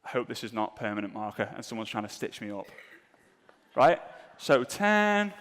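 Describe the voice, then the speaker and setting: Male seminar speaker, jokey and self-mocking, animated delivery, reverberant venue. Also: medium pitch, moderate pace. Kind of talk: comedic live seminar talk. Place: event room with a live audience.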